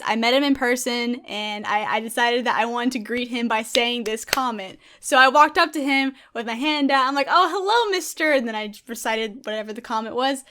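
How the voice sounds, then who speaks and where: A young woman with a high, bright-sounding voice chats on a gaming vlog. She is bubbly and giggly and gushes about people she admires. Her talk is loose and casual. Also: smooth. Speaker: gaming YouTuber.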